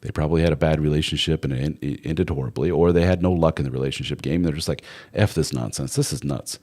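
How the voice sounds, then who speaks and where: A man with a rumbling low, slightly mellow voice and fairly even intonation talks rapid-fire while hosting a live relationship advice stream. He speaks casually and bluntly, swears a bit, and puts on playful mock voices for the people he quotes.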